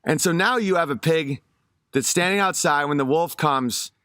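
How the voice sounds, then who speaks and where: Man, fairly high voice, rambling casual monologue, dry close recording. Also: normal speed, fairly bright tone, clean tone, no echo. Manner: rambling, with many fillers and restarts.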